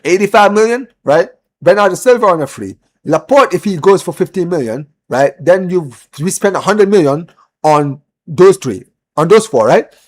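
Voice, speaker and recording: A man's voice: high-pitched, normal speed. A young man hosting a football live stream, ranting in casual chat, repeating himself and calling the audience "bro". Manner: animated, repeats himself, lots of "bro" and "man", rising when heated.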